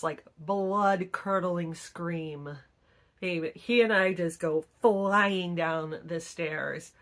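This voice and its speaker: A woman's voice: on the low side, a bit bright. A middle-aged woman vlogger telling stories in casual chat, acting out the people she quotes. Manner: chatty storytelling, acts out quoted people.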